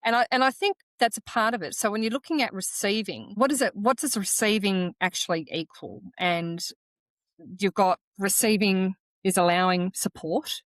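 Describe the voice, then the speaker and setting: A woman's voice: medium pitch, normal speed, no room sound. Reflective woman podcaster. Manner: reflective, explains in steps, many restarts. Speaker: podcast co-host. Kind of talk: casual chat.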